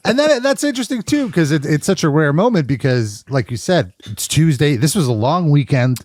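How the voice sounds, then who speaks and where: A man's voice: on the high side, expressive, brisk, darkish tone, no room sound. A man hosting a podcast in casual chat, reacting to his co-host's stories and steering toward the close of the segment. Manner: upbeat, reacting and wrapping up segments. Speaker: podcast host.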